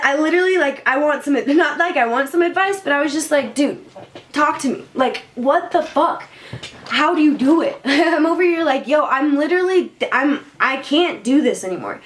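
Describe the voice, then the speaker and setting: A young woman vlogger telling a casual storytime, animated and swearing, full of "like". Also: high-pitched. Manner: animated, swearing, lots of filler "like". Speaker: beauty vlogger.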